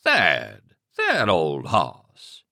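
A man voicing a menacing male villain who speaks in a slow, teasing drawl. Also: low voice, wildly swooping pitch, vocal fry, sharp tone, dry recording, clean studio sound, full character voice. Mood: taunting.

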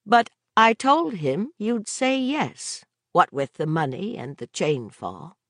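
A woman's voice: lowish voice, big pitch swings, slow, fairly bright tone, no echo, studio quality, full character voice. A woman reader voicing a frustrated rural wife who keeps her voice tight and controlled in an audiobook.

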